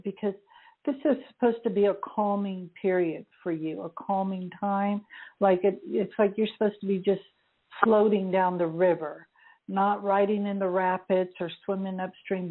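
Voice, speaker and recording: A woman working as a spirit medium, passing on messages to callers in a hesitant, searching way, with many fillers. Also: medium pitch. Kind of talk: relaying messages on a call-in radio show. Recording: narrow phone-line sound.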